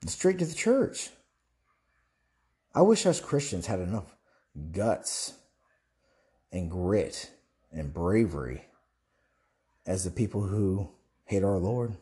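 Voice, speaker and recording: A young man with a fairly low, warm voice talks straight through a fervent monologue. He preaches and rambles, restarting sentences and firing off rhetorical questions at his listeners. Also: sing-song, slow, pauses often. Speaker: Christian online commentator. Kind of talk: impassioned monologue.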